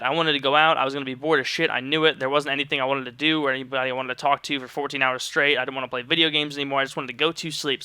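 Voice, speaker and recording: A man's voice: medium pitch, pushed and bright, clear, resonant tone, dry recording. A young man from St. Louis, Missouri, telling a rambling, joking story in casual vlog style and swearing freely. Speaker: vlogger.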